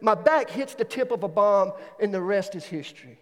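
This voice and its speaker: A man from Alabama, preaching a sermon as a student pastor, telling stories in an animated way that jumps into an excited voice. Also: moderate pace, in a large hall. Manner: animated storytelling, swings into excited higher voice. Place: church auditorium.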